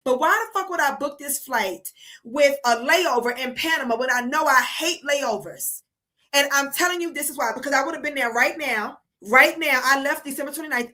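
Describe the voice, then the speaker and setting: A woman's voice: sits high, pushed and bright. A woman from the United States hosting a livestream, delivering a profane, heated and emphatic casual rant. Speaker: streamer host.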